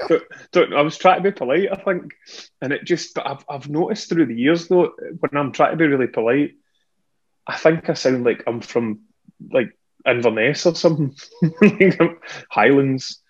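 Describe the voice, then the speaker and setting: A man's voice: a little high, normal speed, husky, lo-fi sound. A Scottish man, a singer, chatting as a guest from home over an earphone on a video call, self-deprecating and often laughing. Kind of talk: casual chat over a remote call. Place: at home indoors. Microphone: earphone headset on a video call.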